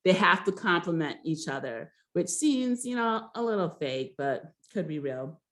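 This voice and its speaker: A woman's voice: fairly low pitch, very animated, measured pace, fairly bright tone. A woman casually recapping a reality show episode, rambling with many fillers and giving blunt, gossipy opinions.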